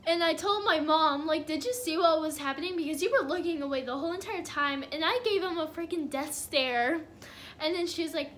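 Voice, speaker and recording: A woman's voice: sits high, moderate pace, a bit bright, a little hiss or hum. A young woman telling a casual storytime on her vlog, chatty and giggly with lots of fillers. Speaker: vlogger.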